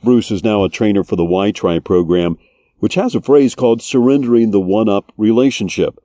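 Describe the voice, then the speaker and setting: A man's voice: on the low side, moderate pace, mellow, no room sound. Male podcast host, scripted narration, dry booth sound.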